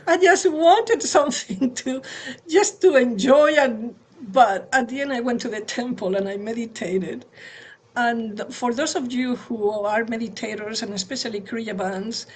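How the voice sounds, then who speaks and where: A woman co-hosting a spiritual talk on parenting, speaking in a gentle, conversational way over a video call. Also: fairly high pitch, slightly rough. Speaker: satsang co-host and parent.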